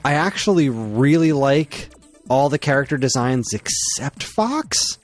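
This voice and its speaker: A man co-hosting a loose gaming podcast, his voice rising and falling expressively as he gives strong opinions. He talks casually and swears without a second thought, and faint music sits low in the background. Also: expressive, unhurried. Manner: enthusiastic and opinionated, swears freely. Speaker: podcast co-host.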